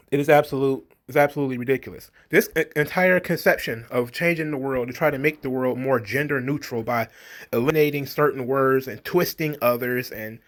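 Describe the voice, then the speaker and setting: A man hosting an opinion commentary, talking with sarcasm and scorn, slipping into a mocking sing-song when he quotes others. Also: fairly high pitch. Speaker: commentary host.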